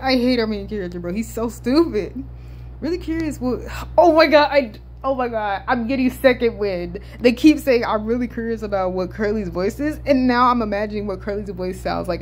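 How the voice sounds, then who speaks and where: A southern US woman with a medium-pitched voice and moderate pace offers loose, rambling reaction commentary. She swears freely, laughs, stutters, and keeps things animated.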